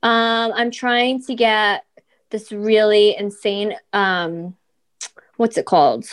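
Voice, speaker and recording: A woman and mother co-hosting a podcast, chatting casually in an animated, blunt way with plenty of swearing. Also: medium pitch, slow pace, clean tone. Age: adult mother of school-age kids. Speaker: podcast co-host. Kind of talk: casual chat.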